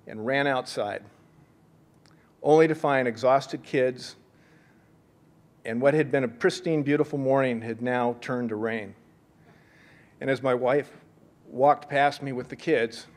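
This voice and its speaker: A middle-aged man from Seattle giving an earnest, reflective speech, telling a personal story with gentle humor. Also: medium pitch. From Seattle, USA. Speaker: speaker at a leadership event.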